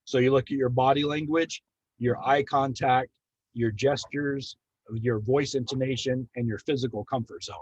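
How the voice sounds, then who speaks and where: Man, husky voice, calm measured training talk, dry close sound. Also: medium pitch, no room sound, dull audio. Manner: calm, measured, with frequent ums. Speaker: hospice team trainer.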